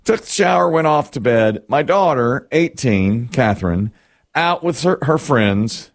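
A middle-aged man chatting casually on a talk show, rambling through a self-deprecating story about his family. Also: a little slow. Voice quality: animated, lively pitch swings. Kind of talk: casual morning-show chat.

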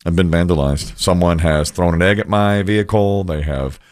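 A man's voice: low voice, moderate pace, darkish tone, dry recording. A middle-aged man hosting a casual talk show, chatty and rambling with wry asides. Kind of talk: casual radio-style chat.

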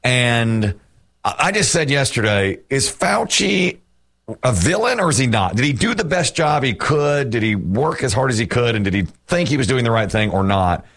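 A man's voice: medium pitch, sing-song, moderate pace, a bit bright. A man hosting a morning radio show, telling stories in a rambling, chatty way. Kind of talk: casual morning show chat.

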